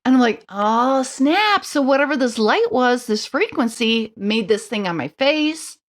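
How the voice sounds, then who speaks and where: A middle-aged woman, a podcast guest, telling her story in casual chat with animated asides and quick mimicked voices. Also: a little high.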